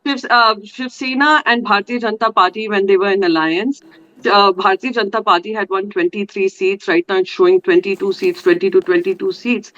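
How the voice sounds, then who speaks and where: A woman's voice: mid-range voice, fairly even intonation, fairly quick, a bit bright. Insistent Indian woman on a lo-fi feed. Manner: insistent, many fillers and restarts. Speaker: politician, panel guest. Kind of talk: televised debate.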